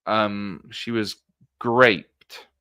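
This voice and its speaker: A man giving an earnest livestream monologue, halting and restarting as he talks. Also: fairly low pitch, fairly even intonation, pushed and bright, smooth, no room sound, studio quality. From Britain. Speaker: political streamer.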